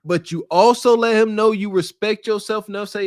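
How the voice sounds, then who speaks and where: A man's voice: high-pitched, moderate pace, hardly any pauses, no echo, clean studio sound. A man co-hosting a podcast, giving blunt, mocking dating commentary. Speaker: podcast co-host. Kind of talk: casual commentary.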